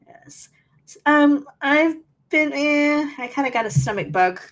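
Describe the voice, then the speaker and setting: A woman's voice: high-pitched, expressive, slow pace. A woman co-hosting a casual podcast, chatting and telling stories. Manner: chatty, storytelling. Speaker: podcast co-host.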